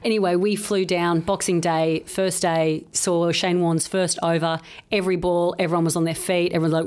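A woman with an Australian accent, a comedian guest on a podcast, telling animated stories in casual chat. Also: brisk. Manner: animated storyteller, jumps into high exclaims.

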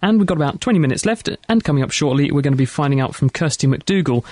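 Fast-talking British radio presenter, man. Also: fairly high pitch, expressive, darkish tone, no room sound, studio quality. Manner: fast, chatty and jokey. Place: radio studio.

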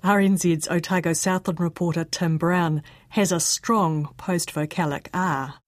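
A woman with a New Zealand accent presents a radio science show, reading her script crisply and clearly. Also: lowish voice, fairly even intonation, measured pace, no room sound. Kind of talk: scripted radio narration and interview. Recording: dry studio sound.

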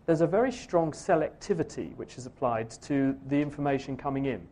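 Mellow-voiced man explaining science on radio. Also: mid-range voice, expressive, a little fast. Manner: fluent, explanatory, lecturing. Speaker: science presenter. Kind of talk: live radio science talk before an audience.

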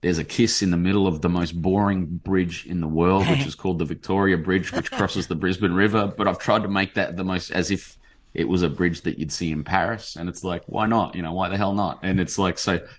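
A very low-pitched Australian man in his forties chats as an interview guest. He talks in an animated, rambling way, piling on fillers as he tells his stories. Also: fairly quick. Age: 40s. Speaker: novelist guest. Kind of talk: casual interview chat.

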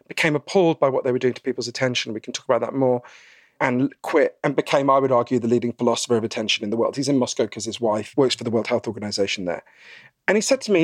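A man being interviewed about his book, telling stories in a lively conversational way and acting out the voices he quotes. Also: mid-range voice, no room sound, studio quality. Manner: animated storyteller, acts out quoted voices, frequent "right?".

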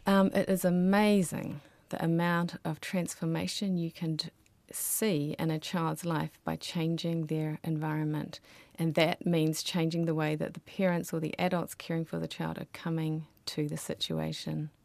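A woman's voice: low-pitched, little pitch movement, moderate pace, vocal fry, few pauses, dry recording. A woman speaking as a guest expert on raising children, explaining earnestly in an interview. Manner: earnest, explanatory, softens into quiet voices when quoting parents. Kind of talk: interview answers.

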